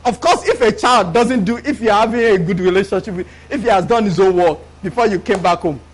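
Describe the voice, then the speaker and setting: Preacher, male, very high voice, call-and-response delivery to a church congregation, emphatic repeats. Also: fairly quick, slightly rough. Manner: preaches with call-and-response, often asking the congregation if they follow. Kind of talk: live sermon.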